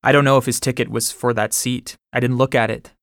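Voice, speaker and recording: Audiobook memoir reader, male, measured and steady, dry close recording. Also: mid-range voice, no room sound. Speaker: audiobook narrator. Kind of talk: first-person memoir narration.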